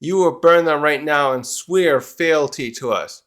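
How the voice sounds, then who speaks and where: A man's voice: on the high side, a little slow, fairly bright tone. A man voicing a pompous male villain who announces terms like a showman. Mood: announcing. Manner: grandiose announcer delivery.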